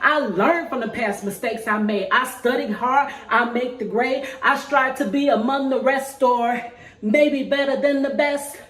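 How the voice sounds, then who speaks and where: A woman performs her own spoken word poetry with a rhythmic, emphatic beat that lands on every rhyme. Her voice sits high and bright in her range. The recording carries a noticeable roomy echo. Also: a little slow. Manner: rhythmic, emphatic rhyming delivery. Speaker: vlogger and spoken word poet.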